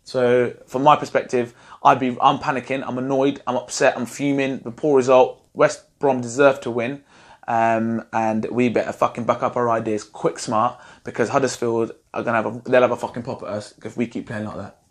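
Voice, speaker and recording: A man's voice: mid-range voice, little pitch movement, normal speed. A man, co-hosting a casual football fan chat and ranting animatedly about his team. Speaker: football fan channel host.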